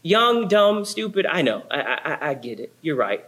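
A man's voice: a little high, sing-song, moderate pace, a bit bright. A young adult man preaching a sermon, telling a story with laughs and sound effects. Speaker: pastor.

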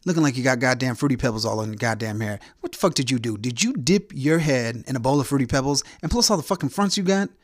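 A man's voice: mid-range voice, lively intonation, quick pace, few pauses, dry recording, clean studio sound. A man hosting his own podcast, talking through a blunt, profane, provocative solo rant. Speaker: podcast host.

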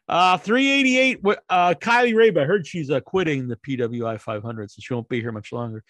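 A man's voice: a little high, sing-song, a little fast, hardly any pauses, a bit bright, no echo. A man hosting his own show, counting down a ranking with jokey, rambling, crude asides. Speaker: host counting down a wrestler ranking. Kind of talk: casual solo commentary.

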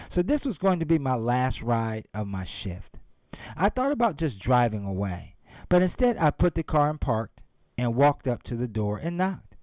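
Here a man of medium pitch and somewhat dark tone retells a story as part of a motivational speech, with no room sound at all. His delivery is emphatic and aimed straight at the audience.

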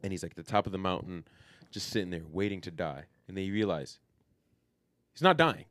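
A man's voice: deep voice, lively intonation, fairly quick, a bit bright, dry recording, studio quality. Slangy, casual male podcast host. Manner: loose and slangy, filler-heavy, profane. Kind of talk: casual chat.

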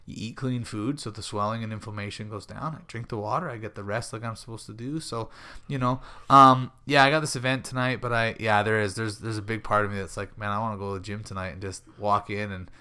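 A man's voice: lowish voice, steady tone, fast talker, sharp tone, clean tone. A man in his thirties, a fighter, chatting casually on a podcast and rambling through a story while acting out the people he quotes. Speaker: MMA fighter.

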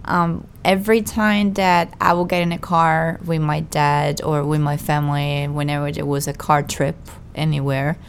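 A woman's voice: sits low, steady tone, moderate pace, vocal fry, few pauses, a little hiss or hum. A woman, co-hosting a podcast in casual chat, talkative and self-deprecating, restarting her sentences often. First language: Italian. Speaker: podcast co-host.

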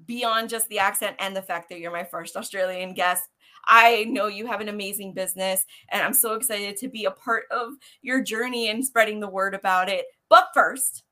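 A woman's voice: medium pitch, steady tone, moderate pace, pushed and bright. A woman hosting a live online interview over a video call, giddy and effusive, laughing often. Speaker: host.

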